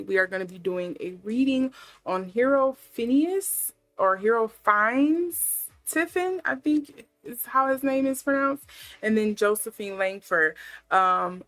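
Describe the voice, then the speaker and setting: A woman's voice: mid-range voice, a bit bright, no room sound. A woman hosting a tarot channel, talking casually to her viewers with chatty, laughing asides and sarcasm. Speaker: tarot reader. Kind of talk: casual chat to camera.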